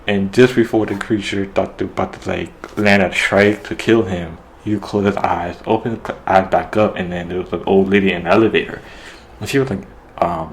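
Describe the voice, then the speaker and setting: A man's voice: deep voice, moderate pace, slight background noise, low-quality recording. A man casually retelling a TV episode, rambling with lots of fillers. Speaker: show reviewer.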